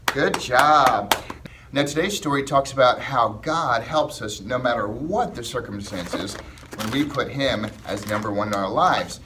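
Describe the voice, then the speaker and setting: A man leading a children's church lesson, singing slowly and gently along with the kids. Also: medium pitch, expressive. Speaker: children's ministry leader.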